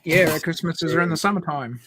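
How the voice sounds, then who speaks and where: A man's voice: a little high, fairly quick, music in the background. Easygoing man chatting. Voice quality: laughs often, easygoing. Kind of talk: casual chat on a livestream.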